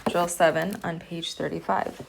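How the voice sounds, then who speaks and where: A woman's voice: fairly low pitch, flat delivery, normal speed, vocal fry, very noisy. A woman professor giving a recorded lecture, patiently repeating sounds for her students to hear. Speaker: Arabic language professor.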